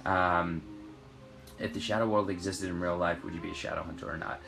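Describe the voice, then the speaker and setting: A young man from Britain, an actor, reading fan questions aloud from his trailer and answering in a relaxed, rambling way. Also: deep voice, brisk, gravelly, over music. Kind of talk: casual live-stream Q&A. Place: trailer on a film set.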